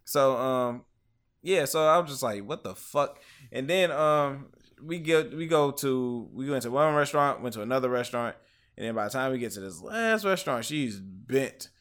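A man's voice: medium pitch, normal speed. A man co-hosting a podcast, telling profane stories in casual chat and acting out his friends' lines. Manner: profane storytelling, animated quoting of friends. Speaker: podcast co-host.

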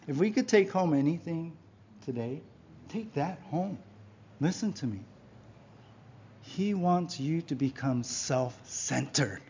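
A man preaching a sermon in church, emphatic, often asking his congregation "right?", swinging between loud exhortation and quiet asides. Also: fairly high pitch, a little hiss or hum. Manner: emphatic preaching, frequent rhetorical "right?" and "yeah?". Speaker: pastor. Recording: dull lo-fi recording.

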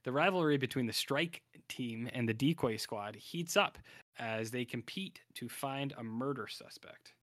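A podcast co-host with a medium-pitched, fairly bright voice talks at a measured pace while casually recapping a TV series. He rambles, packing in ums, uhs and restarts. The recording is dry and studio quality.

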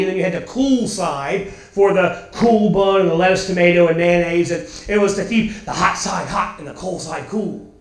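A male pastor preaching a sermon, telling stories lively and acting out quotes, often repeating words as he goes. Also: sits high, roomy sound, low-quality recording. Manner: animated storyteller, acts out quotes, repeats words.

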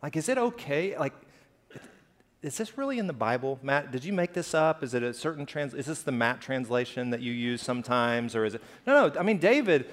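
A man's voice: mid-range voice, big pitch swings, fairly quick. A man preaching a sermon in a church, talking casually and rising into impassioned outbursts. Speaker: pastor. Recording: hall reverb.

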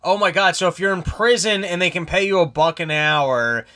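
Bright-voiced swearing podcast host. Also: male voice, sits high, moderate pace. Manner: emphatic, profane. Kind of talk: casual podcast chat.

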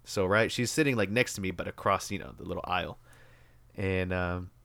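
A young man casually retelling a story, rambling and swearing freely, with lively bursts as he acts out the moment. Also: low-pitched, brisk, creaky, dry recording.

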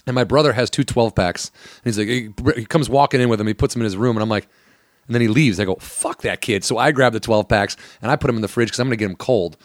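A man's voice: mid-range voice, quick pace, dry recording, studio quality. A man telling stories in casual chat, joking and profane.

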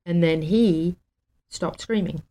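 Speaking slowly in a fairly low voice, a woman appearing as a talk show guest shares a heartfelt story. Her telling is casual, warm, and emotional, with frequent laughter and plenty of fillers.

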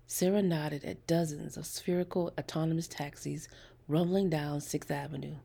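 Husky, gravelly woman narrating a story. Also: sits low, fairly even intonation, normal speed, mellow. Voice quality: husky, gravelly, half-whispered. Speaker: audiobook reader.

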